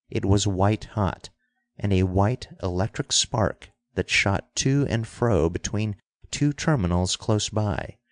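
A man reading an adventure novel aloud as narrator, in a steady, measured way. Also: on the low side, no room sound. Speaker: audiobook narrator. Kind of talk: scripted narration.

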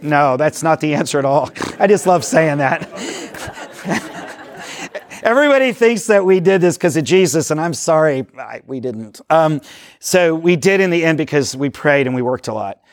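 A man giving a teaching talk to a live audience, energetic and rambling, often correcting himself and acting out little dialogues. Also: fairly high pitch, normal speed, no room sound. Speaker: discipleship workshop speaker.

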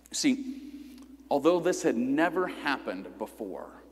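A man preaching a sermon in a lively, conversational way, asking listeners questions as he teaches. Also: a little high, normal speed. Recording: long hall reverb.

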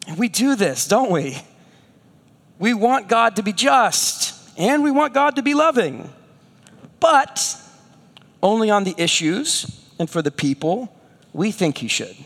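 A man preaching a sermon as pastor, animated and storytelling, with rhetorical questions. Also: sits high, a little slow, pauses often, long reverb tail.

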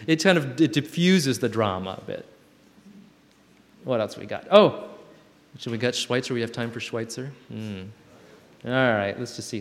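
Gentle man speaking in a reverberant hall. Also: mid-range voice. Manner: gentle, playful asides, reads letters aloud. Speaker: camp speaker. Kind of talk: reflective spiritual talk to a group. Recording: live talk in a reverberant hall.

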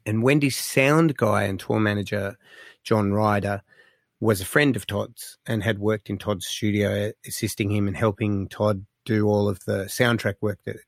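A man, a musician guest telling stories in a casual interview, animated and full of fillers. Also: fairly low pitch, normal speed, gravelly, no echo, studio quality. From Australia. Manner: animated storyteller, lots of fillers, excitable.

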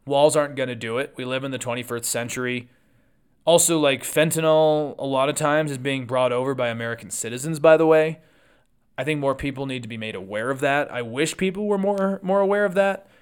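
Smooth-voiced man hosting political commentary. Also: mid-range voice. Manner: conversational, with quick asides and self-corrections. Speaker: political podcast host.

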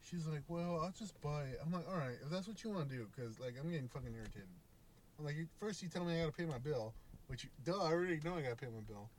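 A man's voice: fairly high pitch, expressive, fast, a little hiss or hum. Swearing man telling a story. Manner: storytelling, swears freely, acts out exchanges. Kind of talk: casual chat. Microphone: podcast microphone.

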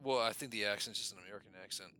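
A man's voice: on the low side, very fast, pushed and bright. A man co-hosting a podcast in casual movie chat, rambling loosely and swearing in passing. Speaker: podcast co-host.

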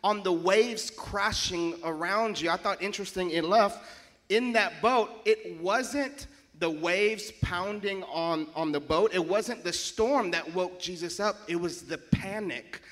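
A man's voice: sits high, unhurried, a bit bright. A man hosting a casual church discussion, friendly and chatty, asking questions with frequent restarts. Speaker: host.

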